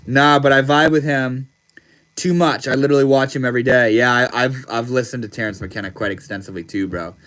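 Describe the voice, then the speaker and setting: A man's voice: mid-range voice, fairly even intonation, fairly quick, fairly bright tone. A man hosting a casual livestream, reading viewer comments aloud and answering them in a laid-back, slangy way. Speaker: livestream host.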